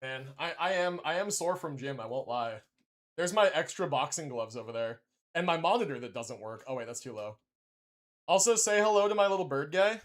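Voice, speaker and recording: A young man livestreaming from home, chatting casually and loosely with many restarts and fillers. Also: on the high side. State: out of breath after push-ups. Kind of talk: casual live-stream chat. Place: home room. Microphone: desk mic, moves away from it.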